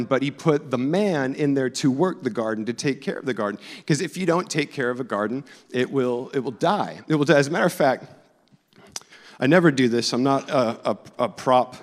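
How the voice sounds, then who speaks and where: 40s guy pastor, jokey chatty sermon, mid pitch, big church hall echo. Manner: joking, self-deprecating and chatty. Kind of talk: conversational sermon. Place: church sanctuary. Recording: long reverb of a church hall.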